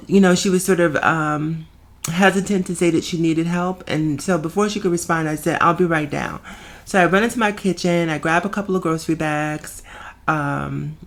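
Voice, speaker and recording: A young adult woman with a fairly low voice tells a neighbor story straight to her viewers. She is chatty and conversational, stepping off into asides and restarting her sentences. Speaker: storytime vlogger. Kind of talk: casual storytelling to camera.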